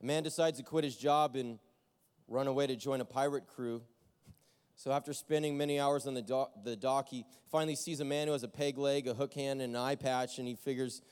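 A man preaching a Sunday sermon as pastor, telling stories in a lively way with self-mocking jokes and quick restarts. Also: mid-range voice, clear, resonant tone. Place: church sanctuary. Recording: long church hall reverb.

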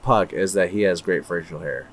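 A man's voice: deep voice, normal speed, a little hiss or hum. A man co-hosting a podcast in easygoing, agreeable casual chat with loose fillers. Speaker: podcast co-host.

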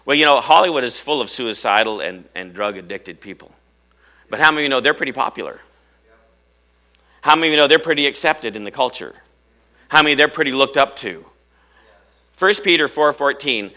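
A middle-aged male pastor preaching a sermon in church, firing off rhetorical questions and swinging from loud to hushed. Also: mid-range voice, brisk.

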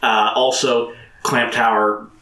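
A man co-hosting a casual movie podcast, lively and talkative. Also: medium pitch, slow. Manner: animated, quotes film lines in put-on voices. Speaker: podcast co-host. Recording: echoey room with faint noise.

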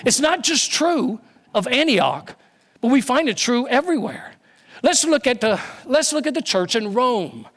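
Casting: male preacher with a high voice, emphatic and repetitive sermon delivery. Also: fairly bright tone.

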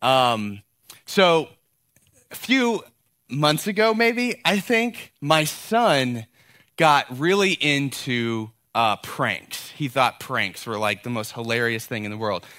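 A man in his thirties preaching a sermon, telling a family story with lively acted-out dialogue. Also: medium pitch, slow pace, dry recording, studio quality. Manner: animated storyteller, acts out quoted dialogue. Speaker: pastor.

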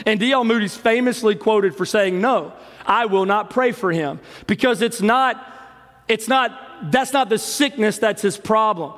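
A man's voice: high-pitched, a little slow, a bit bright. A man preaching a sermon as pastor to his congregation, with passionate rising and falling emphasis. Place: church sanctuary with congregation. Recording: long hall reverb with faint music.

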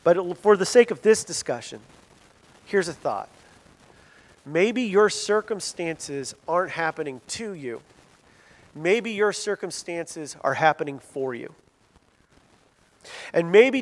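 A man preaching a sermon in a conversational, animated storytelling manner, in a church hall. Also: sits high. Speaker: pastor. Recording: long hall reverb.

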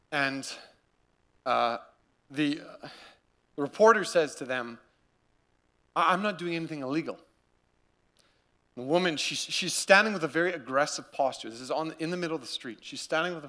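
A man preaching a sermon, earnest and repetitive, swinging between loud urging and quiet gravity. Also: mid-range voice. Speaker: pastor.

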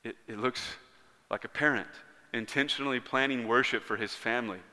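A man in his thirties preaching a sermon as pastor, in an earnest way that swings between loud emphatic lines and hushed ones. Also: medium pitch, brisk. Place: church sanctuary. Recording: long reverb of a large hall.

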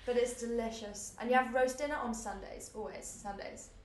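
A young British woman chatting casually in an understated, low-key way. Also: fairly even intonation, normal speed, reverberant, slight background noise. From Britain. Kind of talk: casual chat.

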